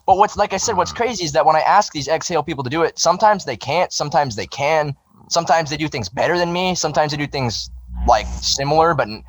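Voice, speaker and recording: A man from the Southern United States, a band vocalist talking as a guest in a casual podcast chat, animated and profane as he rambles. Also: a little high, quick pace, slight background noise, rough recording.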